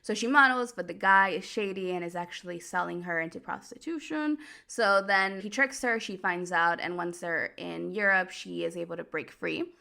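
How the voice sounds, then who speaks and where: A woman hosting a show, recapping a story in a casual, animated way, full of "like" and quick laughs. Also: lowish voice, creaky. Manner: chatty, animated, lots of "like", laughs easily. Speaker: host.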